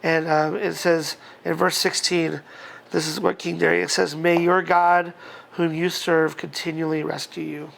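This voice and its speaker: A male pastor giving a relaxed, chatty sermon, reading scripture aloud and chuckling between thoughts. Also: fairly high pitch, a little slow, vocal fry.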